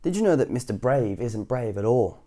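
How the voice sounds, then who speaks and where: A man reading a storybook aloud, voicing a naughty little girl who shouts and announces to a crowd. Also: medium pitch, very animated, moderate pace, lightly acted. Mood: mischievous. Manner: loud, shouting, bossy announcing.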